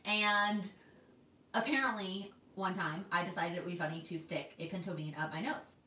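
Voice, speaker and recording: A woman's voice: fairly low pitch, steady tone, moderate pace, bright, forceful tone, reverberant, far from the mic, slight background noise. A woman in her twenties from Texas, chatting casually on a livestream and reading out viewer comments. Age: 20s. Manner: chatty, reads viewer comments aloud, restarts often. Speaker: planner vlogger. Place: home in New York.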